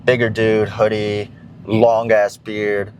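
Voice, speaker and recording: A man's voice: fairly low pitch, completely flat delivery, slow, noisy background. A young man casually chatting to his viewers in a fitness vlog, rambling with many fillers and casual swearing. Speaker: fitness vlogger.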